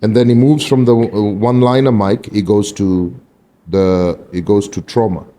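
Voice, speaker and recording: A man's voice: lowish voice, fairly even intonation, moderate pace, mellow. A middle-aged man, a comedian guest on a podcast, talking in an earnest, emphatic way in casual chat.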